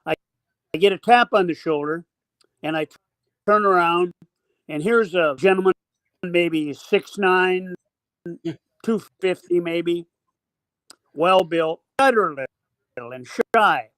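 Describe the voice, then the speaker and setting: Older man telling a halting story. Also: sits high, fairly bright tone, dry recording. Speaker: basketball coach guest. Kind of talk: storytelling interview answer.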